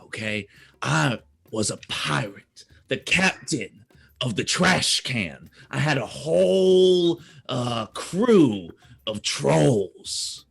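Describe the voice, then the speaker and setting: A man's voice: medium pitch, lively intonation, drawn-out words, gravelly, husky. A man playing in a tabletop game, telling a boastful story in character. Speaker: player. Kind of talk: in-character tabletop role-play.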